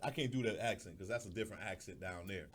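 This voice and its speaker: A man's voice: low voice, quick pace. A man hosting a radio talk show, telling stories in a laid-back way and often repeating words. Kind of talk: casual chat.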